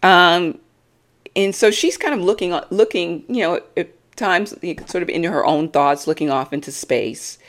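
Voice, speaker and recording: A woman's voice: fairly low pitch, moderate pace. A woman reviewing a reality TV episode on her own, blunt, sassy and mocking in her opinions. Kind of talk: opinionated solo commentary.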